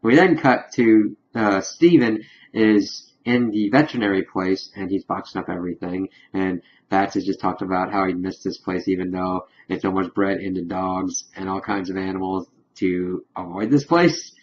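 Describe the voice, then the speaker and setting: A man's voice: deep voice, fairly even intonation, normal speed, darkish tone, slight background noise. A man giving a casual, enthusiastic spoken review of a comic book. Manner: chatty and enthusiastic, acts out characters' lines. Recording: dull lo-fi recording.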